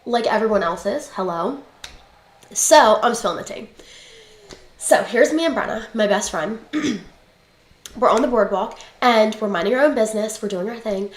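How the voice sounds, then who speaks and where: A woman's voice: medium pitch, expressive, moderate pace, long pauses. A young woman telling a story in a casual, blunt, chatty way, swearing freely as she talks. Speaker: livestream guest. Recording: roomy echoey room.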